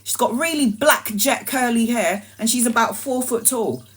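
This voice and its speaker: A woman's voice: fairly high pitch, moderate pace. A woman and tarot reader telling a story in a casual livestream, acting out the voices animatedly.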